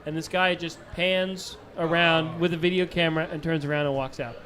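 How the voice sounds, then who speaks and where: A man's voice: a little high, little pitch movement, fairly quick, fairly bright tone. A man on a podcast panel telling a dry travel anecdote. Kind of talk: casual anecdote.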